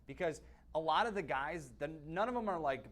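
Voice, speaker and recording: A man's voice: on the high side, animated, brisk, a bit bright. Blunt opinionated male sports analyst. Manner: blunt, opinionated, frequent restarts. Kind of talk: casual sports talk.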